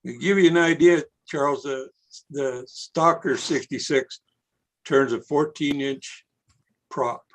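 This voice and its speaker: A man chatting slowly on a casual video call, drawing out his words. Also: a little high, fairly bright tone.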